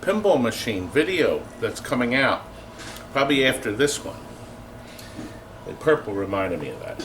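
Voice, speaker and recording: A man's voice: mid-range voice, sing-song, moderate pace, a bit bright, reverberant, slight background noise. A man hosting a casual, joking video from his arcade game shop, teasing his guests and staff with playful outbursts. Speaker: host of a pinball shop channel. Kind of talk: casual joking chat on camera.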